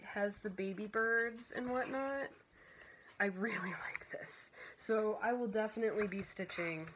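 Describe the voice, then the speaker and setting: A woman chats casually on camera about her craft hobby, gushing and filling her talk with "like" and "you know." Her voice is bright and forward, with a faint hiss of noise behind it. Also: mid-range voice. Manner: emotional, near tears at times. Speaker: cross-stitch vlogger. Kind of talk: casual show-and-tell chat.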